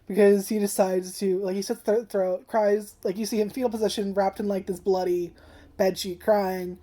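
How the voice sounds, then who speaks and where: A woman's voice: mid-range voice, little pitch movement, moderate pace, warm tone. A woman giving a casual, profane video review, rambling with lots of "like" and getting emotional and tearful at times. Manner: rambling and profane, heavy use of "like". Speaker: anime reviewer. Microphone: camera.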